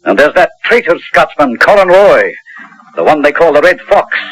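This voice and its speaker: A man's voice: fairly high pitch, very animated, normal speed, fairly bright tone, rough recording. An actor playing a bold, boastful Scottish swordsman in a 1970s radio drama, with a theatrical, sing-song delivery and a Scottish accent. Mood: bitter. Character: bold swashbuckling Scottish swordsman, cocky and merry. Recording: old radio recording with heavy hiss.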